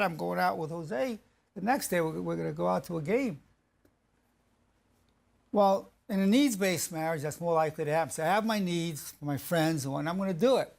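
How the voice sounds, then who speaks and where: A man's voice: on the high side, normal speed, gravelly, long pauses. A man giving relationship advice in a casual spoken talk, often acting out what partners say to each other, with frequent restarts. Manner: conversational, acts out quoted couples, frequent restarts.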